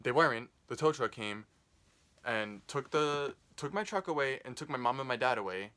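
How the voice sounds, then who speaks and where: A man's voice: mid-range voice, expressive, normal speed, sharp tone. A young man casually telling a rambling, profane storytime, full of "like". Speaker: vlogger.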